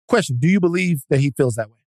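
A man co-host presses his partner with probing questions in a lively, swinging voice. His voice sounds close and dry at a studio mic. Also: on the high side, fast, no room sound. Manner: probing questioner, pushes back. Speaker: podcast co-host. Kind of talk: casual chat.

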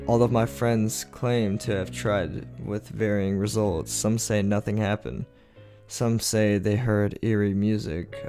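Low-voiced man narrating creepy tales. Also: a little mellow. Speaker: podcast host and narrator.

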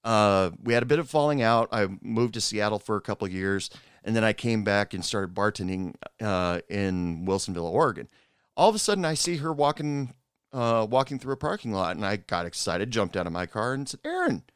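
Brief: middle-aged man, smooth low voice, dry close sound, rambling personal storyteller. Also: expressive, no room sound. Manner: rambling, halting, with frequent asides. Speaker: former bartender telling stories.

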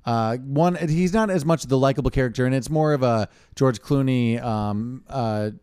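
A man's voice: medium pitch, a little mellow, clean tone, no echo, clean studio sound. A young man co-hosting a podcast in casual chat, teasing his friends. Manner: fast, playful teasing. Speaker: podcast co-host.

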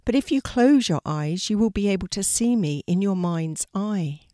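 A woman voicing a gentle female guardian angel who speaks softly and patiently in a storybook reading. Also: medium pitch, lively intonation, moderate pace, no room sound, studio quality, natural voice. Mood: reassuring. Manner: soft, patient, advising.

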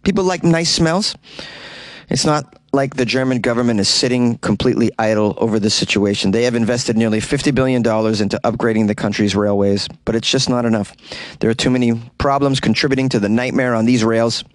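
Brisk and steady in tone, a man at medium pitch reads news articles aloud on his comedy podcast and mocks them sarcastically. He once lived in New York City and records in a small closet, with no room sound, riffing on each piece as comic news commentary.

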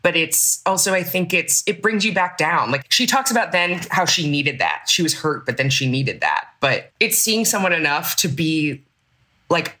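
A woman's voice: sits low, sing-song, bright, forceful tone. A woman guest on a podcast, talking candidly and reflectively in a casual chat. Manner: candid and reflective, quick to laugh.

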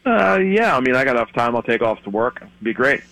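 Excitable man on a phone call. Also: mid-range voice, fairly quick, gravelly, no echo. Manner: excitable, easily overwhelmed. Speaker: caller. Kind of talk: phone conversation.

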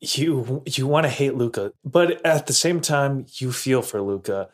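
A man with a middle-pitched voice co-hosts a podcast in casual talk. He reflects on a film in a measured, steady way. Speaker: podcast co-host. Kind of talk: casual movie discussion.

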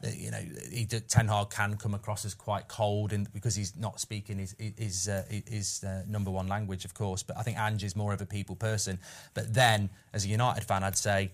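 Low guy ranting about football, pretty animated. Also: brisk. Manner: animated, argumentative. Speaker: pundit, United fan. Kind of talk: casual football chat.

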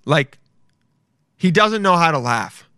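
Bright-voiced young man, mocking. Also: on the high side, big pitch swings, takes it slowly, no echo, studio quality. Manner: profane, mocking, rambling. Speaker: reaction video host. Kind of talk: casual reaction commentary.

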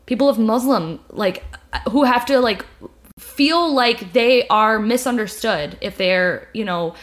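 A woman's voice: a little high, measured pace. A young woman hosting a casual chat about making videos, talking candidly and rambling with plenty of fillers and restarts. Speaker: video creator and podcast host.

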